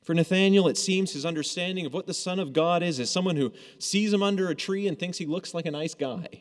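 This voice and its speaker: Preacher guy chatting through a sermon, kinda high voice, big echoey hall. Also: fast talker. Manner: conversational, animated storytelling with acted quotes. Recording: long hall reverb.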